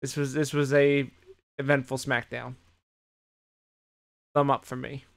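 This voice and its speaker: A man co-hosting a podcast, swearing freely in an animated, casual recap of the week. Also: mid-range voice, unhurried, creaky. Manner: animated retelling, heavy swearing. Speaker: podcast co-host. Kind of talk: casual chat recapping wrestling.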